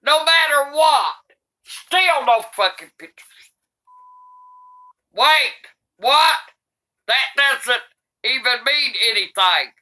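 Cranky foul-mouthed older grandma, slow and sharp. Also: female voice, high voice, animated. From United States. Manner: cranky, swears constantly, shouts in outrage. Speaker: comedy YouTuber grandmother. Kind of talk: comedic reading aloud.

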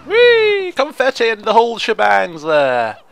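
Man, let's play commentary, lively swooping voice, gravelly edge, excitable and chatty. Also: on the high side, normal speed, crowd noise. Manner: excitable, chatty, laughs and exclaims often. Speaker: gaming video host.

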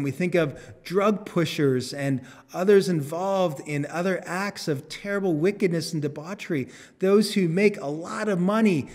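A male pastor preaching a sermon, earnest, lifting his voice for emphasis and dropping it low on solemn words. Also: darkish tone. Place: church sanctuary. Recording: long church reverb.

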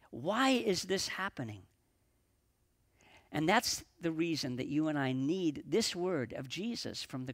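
A man preaching a sermon as pastor at a live church service, earnest, slowing down and dropping his voice for emphasis. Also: sits high, fairly bright tone.

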